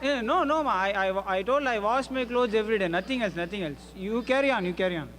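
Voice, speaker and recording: Young man in a stage skit, nervous stammer, high-pitched. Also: fast, fairly bright tone. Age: 20s. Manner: stammering, embarrassed, pleading. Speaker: student on stage.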